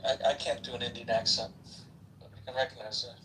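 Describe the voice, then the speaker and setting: A man's voice: mid-range voice, level tone, fast, a bit bright. A man taking part in an online voice chat debate, conversational and wry. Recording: distant, noisy online audio.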